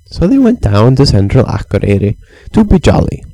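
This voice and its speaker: A man spins a playful, rambling bedtime story for a child, breaking into chants and silly sound effects. His voice is mellow and mid-pitched. The recording is dry and close. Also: wildly swooping pitch, moderate pace, gravelly, no room sound, rough recording.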